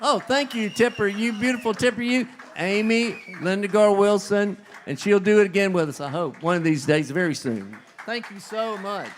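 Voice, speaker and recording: A man's voice: high-pitched, normal speed, few pauses, a little hiss or hum. A man, rambling folksy banter between songs at a live music bar, into a stage microphone. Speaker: bandleader and singer. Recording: live band playing behind. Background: guitar music.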